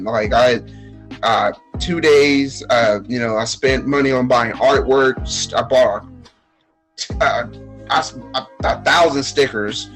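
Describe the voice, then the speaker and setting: A man's voice: medium pitch, a bit bright, rough recording. A young man with a Texas accent, telling stories in a casual podcast chat, acting out quotes with many fillers and restarts. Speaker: podcast guest.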